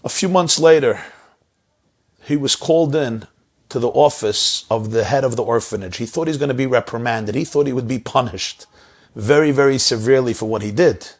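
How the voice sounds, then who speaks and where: Male sermon storyteller at a middle pitch, dramatic with lots of repetition. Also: moderate pace. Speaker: inspirational speaker.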